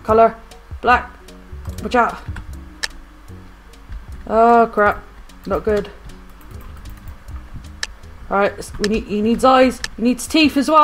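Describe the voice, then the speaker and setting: A woman's voice: mid-range voice, slow, long pauses, soft background music. A woman commentating on her own video game play, rambling to herself and often getting flustered and panicky. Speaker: gaming video host. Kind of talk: live gameplay commentary.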